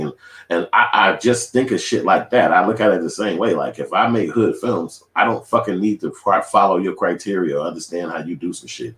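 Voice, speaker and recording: This independent filmmaker and vlogger from Chicago, a man in his 40s, delivers a casual reaction rant to camera in a reverberant space. He speaks briskly in a low, slightly bright voice, using emphatic, profane street talk.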